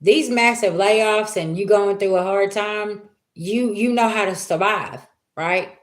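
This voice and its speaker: A woman of medium pitch speaks unhurriedly while reading on a live stream. As a spiritual reader, she keeps her casual monologue chatty and emphatic, often asking rhetorical questions.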